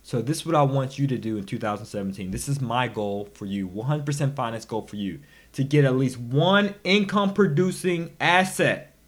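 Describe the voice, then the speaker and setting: A man giving a motivational personal finance lesson, talking in an animated, preachy way with sudden loud, emphatic bursts. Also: medium pitch, normal speed. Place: recorded instruction.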